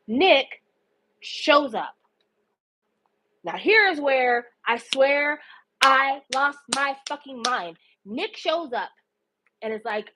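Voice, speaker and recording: A woman's voice: high voice, slow pace, pauses often, slight background noise, rough recording. A woman hosting a podcast, animatedly recapping a show in casual, profane storytelling and indignantly acting out the characters' lines. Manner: animated, indignant, swears freely, acts out quotes.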